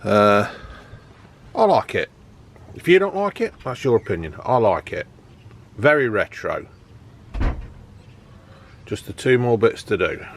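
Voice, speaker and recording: A man's voice: lowish voice, sing-song, measured pace, pauses often, a little hiss or hum. A man chatting casually to camera about his camper van build, joking and filling gaps with ums and uhs. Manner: chatty, joking, lots of fillers.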